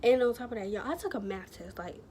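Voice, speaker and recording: Woman vlogger, mid pitch, chatty and rambling, slangy storytelling, faint background hiss. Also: fast, dark tone. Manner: rambling, chatty, heavy use of filler words and slang. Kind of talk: casual storytelling to camera.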